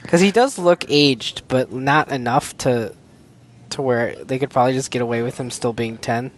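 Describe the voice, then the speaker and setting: A man's voice: medium pitch, moderate pace, slight background noise. A man co-hosting a casual podcast about cartoons, sarcastic and laughing often. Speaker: podcast co-host.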